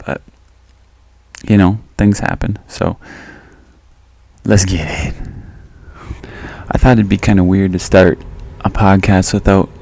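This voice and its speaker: A man's voice: deep voice, steady tone, takes it slowly, gravelly, long pauses, darkish tone, no echo. A young man from the Midwest hosting a casual solo podcast, joking and laughing at himself and going off on tangents. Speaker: podcast host.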